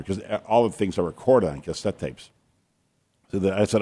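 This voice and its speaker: A fairly low-pitched man, a physician, chatting loosely on a podcast and telling a funny story. His delivery is casual and conversational. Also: normal speed. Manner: relaxed, conversational, prone to pranks and jokes.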